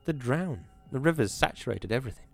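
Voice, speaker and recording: A man voicing a quiet, dry-witted young male college worker. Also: medium pitch, lively intonation, fairly quick, gravelly, faint music behind, voice pushed up. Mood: calm.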